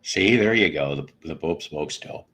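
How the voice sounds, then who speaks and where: A man's voice: rumbling low, lively intonation, normal speed, a bit bright, a little hiss or hum. A man hosting a rambling, comedic livestream show, cracking bad jokes, laughing at them himself and reading out viewers' messages. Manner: jokey, laughs at his own jokes; reads out chat messages.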